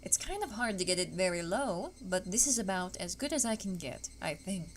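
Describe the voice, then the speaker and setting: A young woman streamer chatting casually and wordily, her pitch swooping up and down a lot. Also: big pitch swings, brisk, a little hiss or hum. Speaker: VTuber streamer. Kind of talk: casual live-stream chat.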